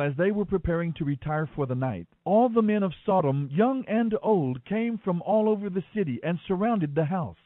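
A man giving an expressive, dramatic scripture reading. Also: on the high side, no echo. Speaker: Bible reader. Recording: tinny phone-like dry sound.

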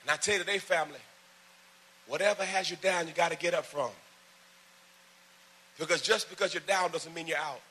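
A man preaching a sermon to a congregation in a church, calling for responses and building to loud, fervent emphasis between quieter asides. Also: on the high side, a little fast, pauses often, husky. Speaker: pastor.

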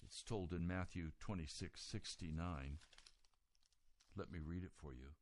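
A man preaching a sermon, retelling a scripture story and moving from quiet reading to loud, raised emphasis. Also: low voice, a little slow, a little hiss or hum.

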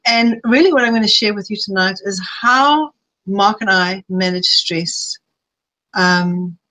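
A middle-aged woman presenting live to a webinar audience. She talks in a chatty, personal way, and now and then reels off long quick lists. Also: mid-range voice, bright, forceful tone, poor audio. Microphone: streaming live.

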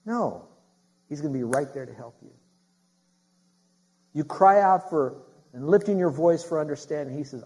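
A man's voice: a little high, expressive, normal speed, pauses often, darkish tone, slightly rough, rough recording. A middle-aged man preaching a sermon, emphatic and repeating key phrases to his congregation. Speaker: pastor.

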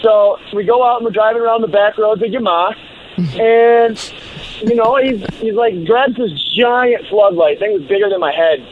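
A man's voice: high-pitched, moderate pace, slight background noise. A man from Michigan calling into a radio show, telling a story in a joking, teasing way. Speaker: caller. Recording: lo-fi phone line.

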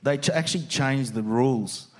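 A man's voice: medium pitch, moderate pace, a little hiss or hum. A man, a pro surfer, bantering casually in a jokey, boastful way and swearing freely.

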